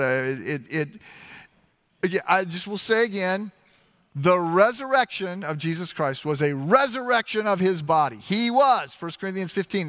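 A man's voice: sits high, a bit bright, clean tone, big-room sound. A man preaching a sermon in a conversational, emphatic way, often restarting his phrases. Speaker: pastor.

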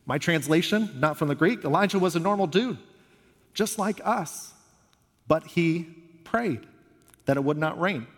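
A man preaching a sermon, earnest and conversational, retelling scripture stories in an animated way. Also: fairly high pitch. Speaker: pastor. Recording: long reverb of a large hall.

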